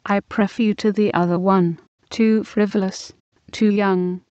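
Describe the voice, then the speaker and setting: A woman reading aloud the lines of a self-assured middle-aged man in a storybook, calm and assured. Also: mid-range voice, a little slow, clear, resonant tone, dry recording, close to an everyday voice. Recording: dull lo-fi recording.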